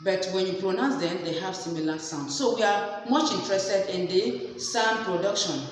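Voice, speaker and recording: Lady teacher going over examples slow and repeats em, super echoey room w/ long reverb. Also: mid-range voice. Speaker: literature teacher. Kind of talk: classroom lecture. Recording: very echoey room, faint background noise.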